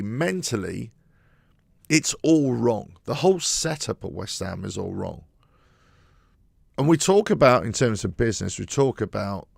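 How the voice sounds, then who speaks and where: A man's voice: mid-range voice, vocal fry, dry recording, clean studio sound. A man hosting his own football channel, giving an emphatic, frustrated solo commentary. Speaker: football fan channel host.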